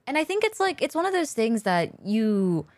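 A young woman co-hosting a casual podcast, her pitch leaping up and down as she talks. She rambles through fillers, laughs easily and swears freely. The sound is close and dry, with no room echo. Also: very animated, moderate pace, a little mellow. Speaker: podcast co-host. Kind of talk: casual chat.

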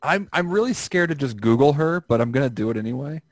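A man's voice: mid-range voice, lively intonation, fast, no echo. A young man hosting a casual podcast over a remote call, joking and rambling with crude humor. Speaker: podcast host.

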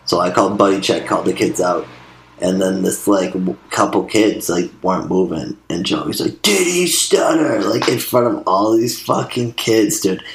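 Young man, very low voice, laid-back banter full of swearing, roomy sound with light noise. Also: moderate pace. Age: young adult. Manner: laid-back, swears a lot, says dude often. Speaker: former camp counselor. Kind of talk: casual chat.

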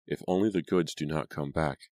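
A man with a very deep voice voicing a timid, worried farm boy in an audiobook. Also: moderate pace, a little mellow, dry recording, clean studio sound. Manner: worried, hesitant. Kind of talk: audiobook character voice.

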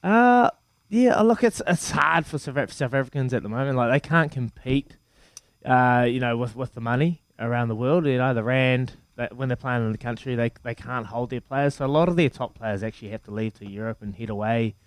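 Animated man telling stories. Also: mid-range voice, fairly quick, no echo. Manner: animated storyteller, many repeats and "mate". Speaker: former rugby player, podcast co-host. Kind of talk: casual podcast chat.

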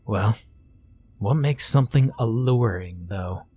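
A man voicing a weary, wary detective who mumbles in a low, blunt way. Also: slow pace, warm tone, breathy edge. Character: weary, wary middle-aged male detective.

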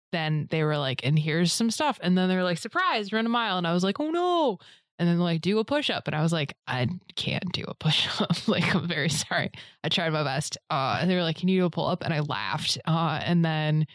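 A woman's voice: low voice, moderate pace, no echo, clean studio sound. Rambling woman in casual chat. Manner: rambling storyteller, many fillers, acts out others in a raised voice.

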